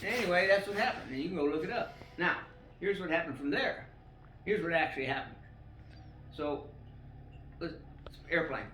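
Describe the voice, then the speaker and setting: A man's voice: fairly high pitch, fairly bright tone, a little hiss or hum. An older man rambling through a personal story at home, full of fillers and swearing. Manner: rambling, profane, with many fillers. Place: a room at home. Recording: roomy echo, faint ambience.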